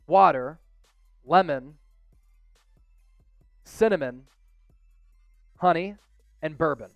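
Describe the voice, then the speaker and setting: A man with a Philadelphia accent hosts a live sports stream in casual chat, his voice pitched fairly high and smooth, resonant. He gets excitable and loud when hyping donations. The sound is dry and close, with faint music underneath. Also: dry recording. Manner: excitable, hypes viewer donations with loud outbursts. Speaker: sports show host.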